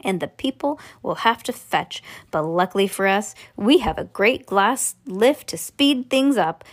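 A woman's voice: medium pitch, animated, a little slow. A woman reading aloud and voicing an eccentric, cheerful male chocolate-factory owner who talks in a bubbly, fussy rush. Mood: bustling.

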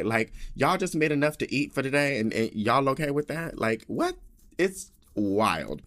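A man's voice: medium pitch, sing-song, moderate pace, a bit bright. A man hosting a podcast, telling a story in a sassy, dramatic rant full of swearing and asides. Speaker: podcast host.

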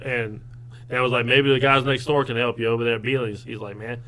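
A man's voice: medium pitch, level tone, fairly quick, fairly bright tone, low-quality recording. A young man co-hosting a podcast, agreeable and rambling, backing his partner up with repeated yeahs and telling crude anecdotes. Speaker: podcast co-host. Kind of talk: crude casual chat.

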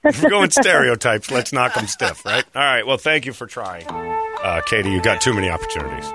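A man's voice: mid-range voice, big pitch swings, moderate pace, vocal fry, pauses often, over music. A man hosting a quiz game on a radio show, joking and teasing the players and laughing often. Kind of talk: casual radio banter.

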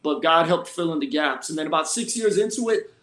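Middle-aged pastor from Philly, roomy echo. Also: male voice, fairly high pitch, fairly quick. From Philadelphia. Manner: relaxed, colloquial, lively storyteller. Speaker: senior pastor, guest. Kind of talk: casual conversational storytelling. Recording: roomy echoey sound.

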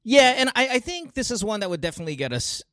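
A young man hosts a casual podcast, his voice bouncing up and down as he jokes and laughs. He sits a touch higher than most men. The sound is close and dry. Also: fast, no echo. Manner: animated, joking, laughs often. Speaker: podcast host. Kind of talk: casual chat.

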